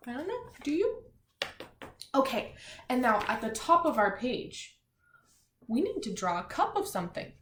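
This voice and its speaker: A woman teacher giving a children's word lesson, slowly spelling and reading words aloud and giving gentle drawing instructions. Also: a little high, big pitch swings. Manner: slow, gentle classroom instruction with spelled-out letters. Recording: echoey room with faint noise.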